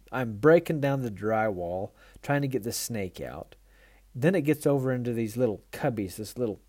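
A man's voice: mid-range voice, a little mellow, dry recording, clean studio sound. A man who hosts a mule training tips show, telling a folksy, self-mocking story with frequent laughter and then turning it into a riding lesson.

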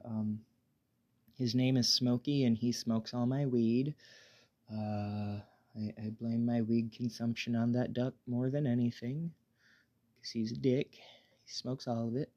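A man hosting a casual solo podcast while high, rambling in a laid-back way, swearing freely and stammering through restarts. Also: little pitch movement, a little slow, darkish tone, dull audio. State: high on weed. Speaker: podcast host.

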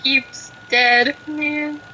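Very bright-voiced, blunt woman gamer. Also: high-pitched, fairly even intonation, extremely slow, a little hiss or hum, rough recording. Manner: blunt, swearing, laid-back. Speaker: cousin and fellow player. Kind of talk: casual gaming banter.

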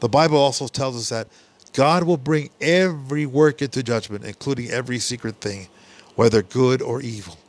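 A man preaching a Bible study sermon for a podcast, earnest and repetitive, often trailing off softly on "my friends.". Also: mid-range voice, moderate pace. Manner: earnest preaching, repeats "my friends", drops soft on tag phrases.

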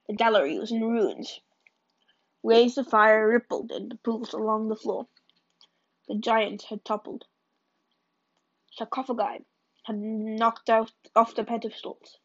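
A woman reading a novel chapter aloud in a plain, unpolished way with occasional slips and restarts. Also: on the high side. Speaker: reader of a novel. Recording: dull lo-fi recording.

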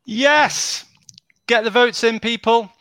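A man's voice: fairly high pitch, moderate pace, a bit bright, dry recording. A man from Wales hosting a casual live show, reading out viewers' jokes with laughs and stumbles. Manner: chatty, laughs at the jokes, stumbles over names. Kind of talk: casual live-stream chat.

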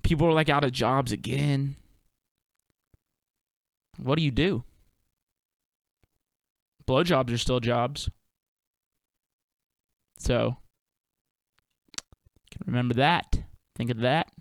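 A man's voice: medium pitch, slow, creaky, pauses often, no room sound, studio quality. A young man hosting a solo podcast, musing in a loose, profane, laid-back way full of slang and fillers. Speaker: podcast host and touring performer. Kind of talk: rambling solo podcast monologue.

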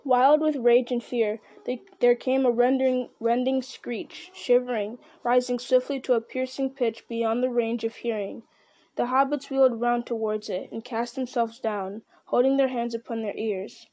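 A woman reading a fantasy novel aloud in a steady, measured voice, with the odd slip and restart. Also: a little high, dry recording. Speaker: audiobook reader. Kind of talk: storybook narration.

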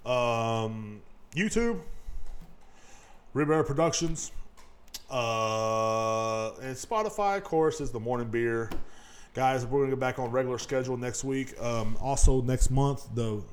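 A man hosting his own podcast alone, in a profane, rambling rant that swings between loud outbursts and low mutters. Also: measured pace, clean tone. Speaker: podcast host.

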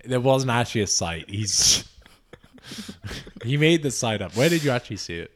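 A man's voice: mid-range voice, very animated, moderate pace. A man from England, host of a casual podcast, chatting with friends and teasing them with frequent laughs. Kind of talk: casual chat.

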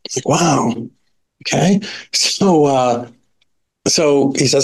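A middle-aged man telling a story as a podcast guest, with a lively conversational telling full of "like" and "right?". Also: medium pitch, takes it slowly, long pauses. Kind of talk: casual storytelling.

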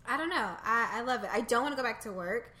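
A woman's voice: on the high side, animated, quick pace, bright, forceful tone. A woman in her thirties, a podcast co-host and new mother, chatting casually with many fillers and easy laughter. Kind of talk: casual chat.

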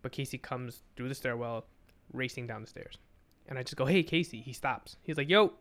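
A man's voice: mid-range voice, level tone, a little fast, fairly bright tone. A young man, a podcast guest, telling a story in casual chat, swearing often and acting out dialogue.

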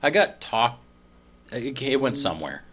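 A man's voice: medium pitch, sing-song, a bit bright. A man from northeastern Pennsylvania in a casual chat, playful and rambling. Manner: playful, rambling, quick to laugh along.

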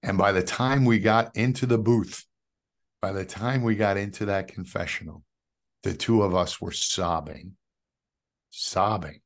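Lowish-voiced man sharing a faith testimony. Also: measured pace. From New York. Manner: animated storyteller who acts out quoted dialogue; calls the host brother. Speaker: podcast guest.

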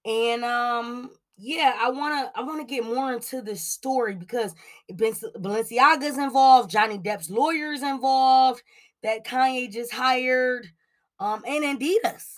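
A woman's voice: on the high side, unhurried. A woman from Cleveland hosting a celebrity gossip podcast, chatty and casual, filling her talk with "like" and "um". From Cleveland, Ohio. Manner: chatty, lots of "like" and "um", animated asides.

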